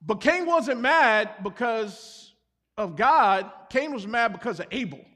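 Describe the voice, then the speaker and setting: A man with a high voice preaches to his church, telling confessional stories with self-deprecating humor. His words carry a long reverb through the hall. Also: lively intonation, slow pace, pushed and bright. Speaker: pastor. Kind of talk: sermon.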